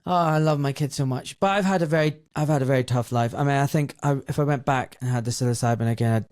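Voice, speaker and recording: A middle-aged podcast host with a mid-range, darkish voice speaks quickly in a clean, dry studio recording. In a conversational interview, he tells a personal story in an emotional, reflective way.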